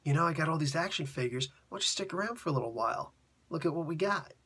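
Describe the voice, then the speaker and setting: A man voicing a creepy, pushy villain who runs a toy shop and wheedles with a sales pitch. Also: animated, fast, bright, forceful tone, slightly rough, full character voice. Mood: wheedling.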